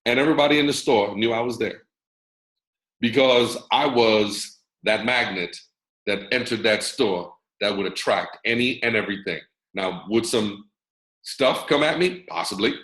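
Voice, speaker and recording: An American man hosting a network marketing mentoring call, talking in a lively, preacher-like way and teasing his audience over a video call. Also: lowish voice, normal speed, echoey room, low-quality recording. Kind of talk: motivational talk on a video call.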